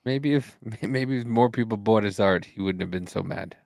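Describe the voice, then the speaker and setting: A man's voice: lowish voice, moderate pace, creaky, darkish tone, dry recording. A man in casual podcast chat, making joking remarks with chuckles along the way. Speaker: podcast participant.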